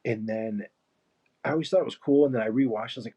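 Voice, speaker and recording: A man's voice: mid-range voice, expressive, fairly quick, warm tone, slightly rough. A man chatting casually and rambling while he paints on a live stream, laughing now and then. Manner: rambling, easygoing, laughs often. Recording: muffled lo-fi stream mic.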